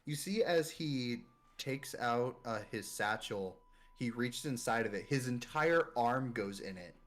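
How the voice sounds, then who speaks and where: A man narrating as game master of a tabletop game, laid-back and halting. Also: mid-range voice, lively intonation.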